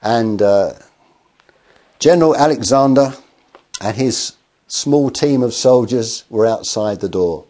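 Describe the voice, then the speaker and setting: A man's voice: mid-range voice, expressive, slow pace, pauses often, mellow. A man preaching a sermon, telling stories with acted quotes and rhetorical questions.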